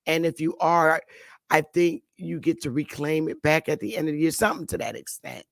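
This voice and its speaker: A woman's voice: deep voice, fairly quick, gravelly, dry recording, clean studio sound. A woman hosting a casual morning talk show, rambling and blunt, with frequent swearing.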